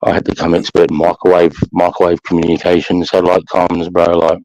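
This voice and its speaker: A man's voice: low-pitched, completely flat delivery, fairly quick, a little mellow, dry recording, rough recording. A man with an Australian accent, a former soldier telling war stories in a casual talk, blunt and full of swearing. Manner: blunt, sweary, heavy use of "mate" and "bro". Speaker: army veteran guest. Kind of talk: casual podcast conversation.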